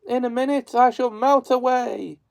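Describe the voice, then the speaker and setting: A man voicing a cunning, wicked old witch in a storybook reading, in a shrill, raised voice. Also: fairly even intonation, moderate pace, creaky, darkish tone, poor audio. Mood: wailing. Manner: high, shrill put-on voice.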